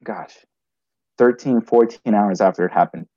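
A man's voice: lowish voice, mellow, dull audio. A man telling a personal story in conversation, restarting often and adding "right?" as he goes. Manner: halting, frequent restarts and "right?" tags.

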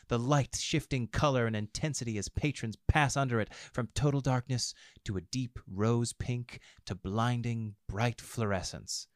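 A man narrating fiction aloud in a wry, expressive storytelling manner. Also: mid-range voice, no room sound, studio quality.

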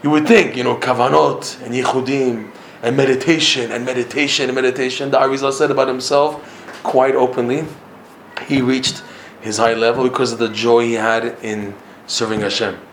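A man's voice: mid-range voice, steady tone, normal speed, a little hiss or hum. Emphatic man teaching in a roomy hall. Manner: emphatic, repeats himself, chuckles often. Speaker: religious teacher. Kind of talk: Torah lecture. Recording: roomy echo.

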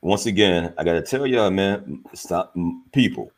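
Man, very low voice, lively swings in pitch, casual slangy reaction chat. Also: a little slow. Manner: loose, laughing, slangy. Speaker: podcast co-host.

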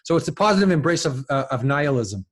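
Halting, thoughtful man thinking aloud. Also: a little high, expressive. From lives in France. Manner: halting, many restarts and repeated words, thinking aloud. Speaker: podcast guest. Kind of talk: casual intellectual conversation.

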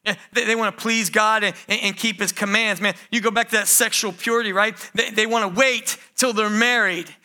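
A man preaches a sermon and calls out to the congregation again and again. His voice sits high and rings with a very bright edge. He breaks into acted pleas as he makes his points. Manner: emphatic preaching, often addresses the congregation as "church", acts out quoted pleas. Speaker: pastor.

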